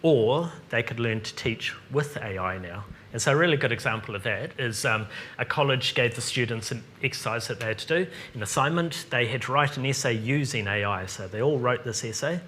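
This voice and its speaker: Kiwi man presenting a tech seminar, relaxed and chatty, light noise behind. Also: medium pitch, brisk, few pauses. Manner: casual, chatty, lots of ums. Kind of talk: live seminar Q&A.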